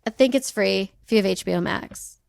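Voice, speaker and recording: A woman co-hosts a podcast, walking through a life story in a loose, chatty way. She drifts into slangy, joking side remarks. Her voice has a gravelly, fried edge, and it sits in a dry, close room. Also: medium pitch, fairly quick, darkish tone, no room sound. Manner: chatty, laughing asides, slangy. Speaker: podcast co-host. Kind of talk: casual storytelling chat.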